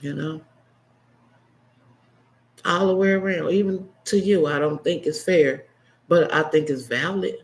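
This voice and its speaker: A man in his fifties speaks straight to camera in an unscripted monologue. His voice sits a bit higher than most men's. He is blunt and impassioned, flaring into heated outbursts, then dropping to hushed, choked-up asides. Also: measured pace, pauses often, poor audio. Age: 50s. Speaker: vlogger.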